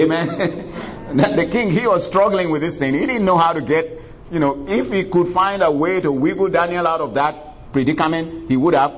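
A male preacher telling a story in a sermon, animated and conversational, laughing often and breaking into exclamations of praise. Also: a little high, normal speed, a little hiss or hum. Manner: conversational, many fillers.

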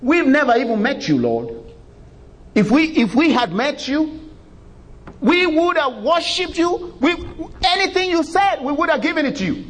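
A preacher raising his voice into the pleading cry of the condemned, who swear they never met their Lord. The voice climbs high and wails in disbelief. It stays slow and drawn out, as if begging. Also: sing-song, fairly bright tone, heavily acted. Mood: pleading, incredulous.

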